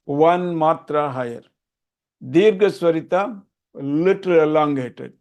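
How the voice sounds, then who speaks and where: Speaking unhurriedly in a slightly high voice, this older man from Tamil Nadu, India, explains chanting to a group and earnestly goes over his main points again. The recording sounds lo-fi.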